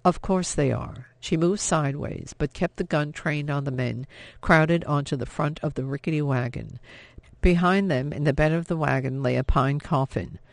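A man narrates an audiobook in a steady, measured way. His voice sits a little high and has a gravelly fry. The recording is close and dry, with no room around it. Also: no echo. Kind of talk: scripted narration.

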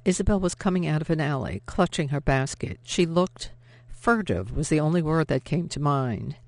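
Measured audiobook narrator, dry close sound. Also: medium pitch, dry recording. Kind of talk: scripted novel narration.

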